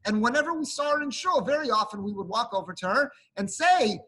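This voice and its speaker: Earnest, bright-voiced rabbi preaching. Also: male voice, very high voice, a little fast, hardly any pauses, poor audio. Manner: earnest, emphatic, builds up to animated peaks; speaks to a congregation while showing a card. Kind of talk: sermon.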